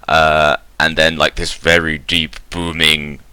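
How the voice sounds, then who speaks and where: A man's voice: a bass voice, completely flat delivery, slow, pushed and bright, clean tone, no echo. A man narrating a tabletop game as game master in a casual, rambling way with fillers.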